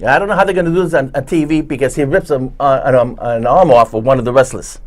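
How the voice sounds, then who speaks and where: A man's voice: medium pitch, fast. A man, hosting a casual talk show and telling rambling stories full of fillers and restarts. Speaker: show host, background actor. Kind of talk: casual chat, storytelling.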